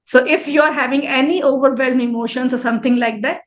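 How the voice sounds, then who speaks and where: A woman in her forties answers an interviewer in front of a live audience, in a high, bright register. She is earnest and reflective, and she often restarts her sentences midway. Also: steady tone, quick pace. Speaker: interview guest, mandala artist.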